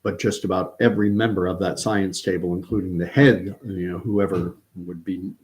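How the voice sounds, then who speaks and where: A middle-aged Canadian man hosts a livestream, delivering a casual opinion monologue in a rambling, earnest way and often correcting himself mid-sentence. His low, darkish voice stays steady at a normal speed.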